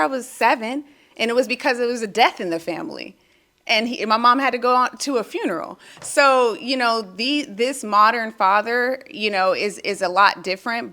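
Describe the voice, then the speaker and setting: A woman's voice: a little high, sharp tone. A woman in a casual group conversation, reflectively sharing childhood memories. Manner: reflective, anecdotal.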